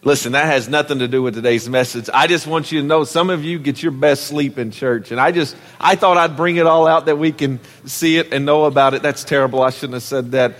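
A man's voice: on the high side, a little fast, few pauses, a bit bright. A man preaching a folksy, joking sermon to his church. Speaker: pastor. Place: large church sanctuary. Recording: echoey church hall.

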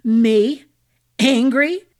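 A woman reading aloud voices a bitter, manipulative prince, speaking slowly with a cold snarl. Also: on the high side, no echo, clean studio sound. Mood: angry.

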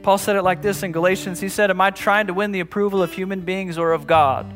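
Faint music sits behind this fast-talking pastor, whose high voice keeps a steady tone. He preaches casually, frequently starting phrases over and repeating them, and climbs into louder, more forceful stretches.

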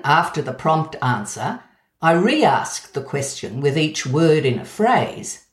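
Low-voiced Australian woman, roomy echo. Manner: measured, explanatory, gently wry. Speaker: essayist. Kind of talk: reading a scripted essay on language.

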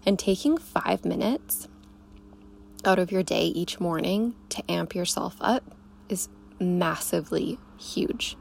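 Gravelly young woman coaching with vocal fry. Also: fairly low pitch, slight background noise. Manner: emphatic, swears freely, calls listener babe. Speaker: podcast host, coach. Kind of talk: casual motivational monologue.

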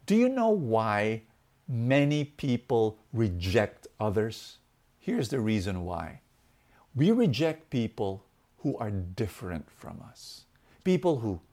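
A man giving a motivational talk, telling a fable and speaking in an animated way that shifts from loud to soft. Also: medium pitch, measured pace.

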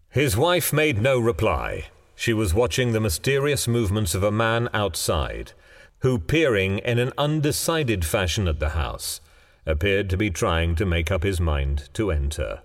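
A man narrating a ghost story in a measured, dramatic storytelling manner. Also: low-pitched, big pitch swings. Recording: long hall reverb, faint music.

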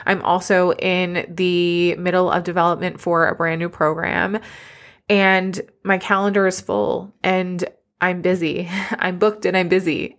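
Tearful woman, low flat voice. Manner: emotional, candid and reflective. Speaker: podcast host and business coach. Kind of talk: personal solo podcast talk.

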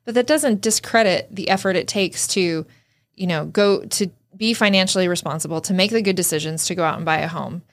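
A woman's voice: on the low side, a little fast. A woman co-hosting a podcast in casual chat, speaking frankly and emphatically with some restarts. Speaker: podcast co-host.

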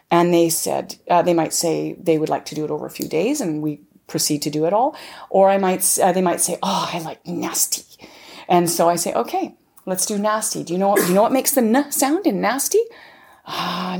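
A middle-aged woman hosting a homeschooling workshop, teaching with lively sing-song rises as she acts out lessons with a child. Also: lowish voice, creaky, husky.

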